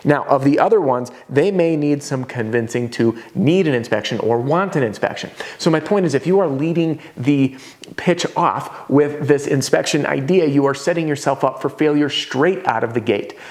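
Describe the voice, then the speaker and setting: An energetic man runs a casual sales lesson at a whiteboard. His voice sits in a middle pitch, and he talks in a chatty, conversational way with quick asides. Now and then he jumps into a homeowner's voice to act out a scene. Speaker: roofing sales trainer.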